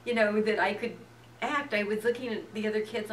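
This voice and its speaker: Animated woman storyteller, echoey room. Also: medium pitch, brisk, a little hiss or hum. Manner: animated storyteller, laughs often. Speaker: actress guest. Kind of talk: casual chat. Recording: echoey room, distant mic.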